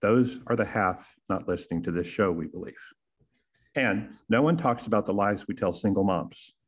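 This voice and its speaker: A man's voice: on the low side, moderate pace, breathy edge. A man, hosting a podcast and delivering a sarcastic, punchy opinion monologue full of rhetorical questions. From Texas. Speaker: podcast host.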